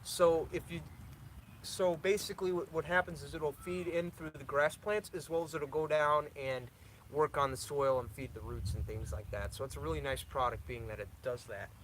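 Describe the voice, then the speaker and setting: A man's voice: on the high side, fairly even intonation, normal speed, a bit bright, a little hiss or hum. A young man hosting a casual live stream, answering viewer questions in a loose, rambling way with lots of restarts.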